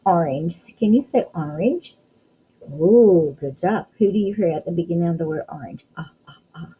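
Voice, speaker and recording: A woman's voice: lowish voice, expressive, normal speed, breathy edge, muffled recording. A woman teaching a phonics lesson to young children, encouraging them and sounding out letters one at a time.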